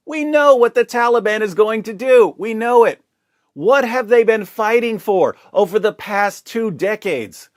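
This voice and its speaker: A man's voice: sits high, dry recording, clean studio sound. A man delivering sarcastic, mocking video commentary, full of rhetorical questions.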